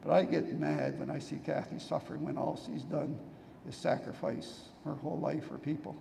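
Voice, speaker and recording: An older pastor preaches in a hoarse, deeply gravelly voice with a mellow, dark tone. He tells his stories earnestly, a man worn from preaching. The sound carries a long hall reverb over a faint hiss. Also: flat delivery, normal speed. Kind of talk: sermon.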